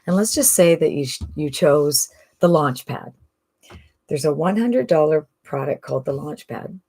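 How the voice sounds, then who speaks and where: A woman's voice: sits low, a little mellow. A woman from Canada talking casually and persuasively about an online business, with lots of rhetorical questions. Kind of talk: casual sales pitch monologue.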